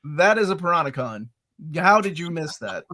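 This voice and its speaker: A man in his forties hosting a casual podcast chat, excitable and acting out his own reactions as he talks. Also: a little high, normal speed. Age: 40s. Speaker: podcast host.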